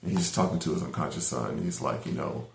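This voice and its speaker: Deep gravelly middle-aged man, rambling. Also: fairly quick, a little hiss or hum. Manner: rambling retelling with many fillers and restarts. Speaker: anime reviewer. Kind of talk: casual episode review. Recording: roomy echo.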